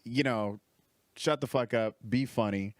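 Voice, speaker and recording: A man's voice: medium pitch, measured pace, no echo, studio quality. A male comedian guest on a podcast, telling a profane backstage story with lots of laughter. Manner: lively, profane, laughs often.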